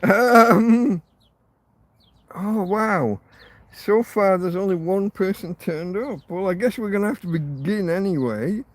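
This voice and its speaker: A man's voice: high voice, normal speed, a little mellow, no echo. A man hosting a rambling live stream from his phone, sweary and self-deprecating as he rants. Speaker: livestream host. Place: in or by a tent outdoors.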